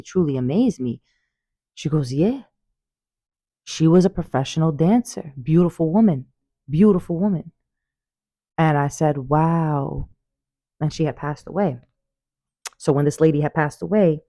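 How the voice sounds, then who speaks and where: A woman talking casually to her viewers about spirits, animated and emphatic, repeating phrases and calling listeners "baby". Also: sits low, dry recording. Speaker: spiritual vlogger. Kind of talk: casual storytelling monologue. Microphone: phone.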